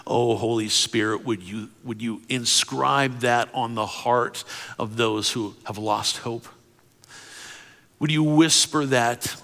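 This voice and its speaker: A male pastor giving a sermon, moving from impassioned preaching to soft whispered prayer. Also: mid-range voice. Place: church sanctuary. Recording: long reverb of a large hall.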